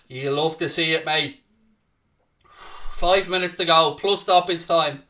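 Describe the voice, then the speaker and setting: High, bright-voiced sweary man. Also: moderate pace, far from the mic. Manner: swearing, excitable, cheering on his team and winding up rivals. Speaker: host of a football fan watchalong. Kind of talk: live reactive match commentary, casual banter.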